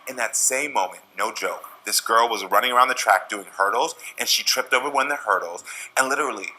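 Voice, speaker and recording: A man's voice: medium pitch, quick pace, pushed and bright, low-quality recording. A man from a TV show cast, telling a personal story in an interview in an earnest, reflective way.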